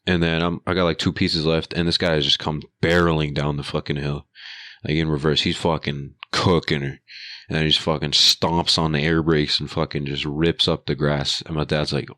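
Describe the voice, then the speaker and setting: A young man co-hosting a podcast, telling an animated, profane story in casual chat and acting out the people in it. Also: a bass voice, normal speed, no room sound, clean studio sound. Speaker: podcast co-host.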